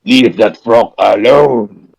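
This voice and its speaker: A man voicing a huge, territorial tree creature, speaking in slow, booming shouted declarations. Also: vocal fry, slightly rough, lo-fi sound, full character voice. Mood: warning.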